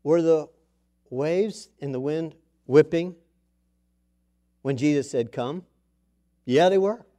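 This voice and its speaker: Middle-aged male preacher, high voice, slow measured delivery, swings between loud and soft. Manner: animated, with sudden loud bursts and soft drops; slows down to read scripture aloud. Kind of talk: sermon.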